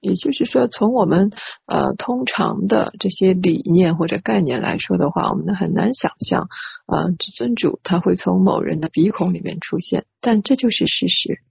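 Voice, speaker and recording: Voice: mid-range voice, moderate pace, gravelly, slightly rough, no echo. An interpreter rendering a sermon phrase by phrase, hesitant with many filler sounds, on a dry, dull lo-fi recording.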